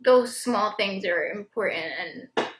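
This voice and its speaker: A woman's voice: medium pitch, unhurried, a bit bright. A young woman, a stay-at-home mom, talking candidly to her viewers in a chatty, confessional way that is full of "like" fillers. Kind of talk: casual confessional chat to camera. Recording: roomy echo.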